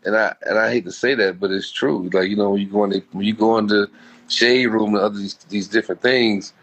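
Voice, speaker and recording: A man's voice: on the low side, steady tone, brisk, fairly bright tone. A man being interviewed as a guest, telling a personal story in a heartfelt, rambling, slangy way. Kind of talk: casual storytelling.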